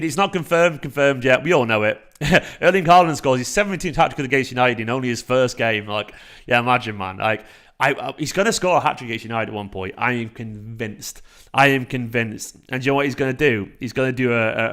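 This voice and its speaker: A man in his thirties hosting a casual fan livestream, excitable and sweary as he reacts to the chat. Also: mid-range voice, fast. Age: 30s. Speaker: fan channel livestream host.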